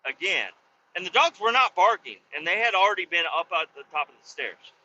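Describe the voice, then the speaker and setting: A man's voice: high voice, sing-song, fairly quick, bright, forceful tone, highs cut off. A man hosting a podcast, telling a story in casual, profane, laid-back talk while driving a car. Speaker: podcast host.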